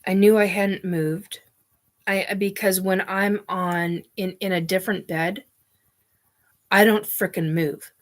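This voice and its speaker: A woman's voice: mid-range voice, fairly even intonation, slow. A woman host telling a personal story bluntly, with frequent restarts and casual swearing.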